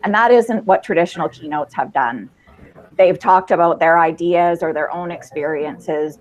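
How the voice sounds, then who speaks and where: A woman's voice: low voice, dull audio. A woman speaking earnestly and appreciatively in a casual group conversation.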